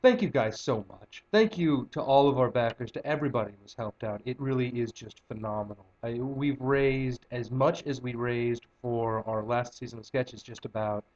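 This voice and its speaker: A man's voice: mid-range voice, moderate pace, few pauses, darkish tone, dull audio. A man hosting a casual comedy livestream, joking and rambling as the wine kicks in. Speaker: comedy web show host.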